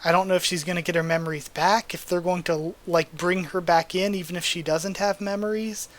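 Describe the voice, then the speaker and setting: Male reader, slightly high voice, casual and emotional, gushing between read lines. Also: fairly even intonation, brisk, a bit bright. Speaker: manga readthrough host. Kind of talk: casual reading and commentary.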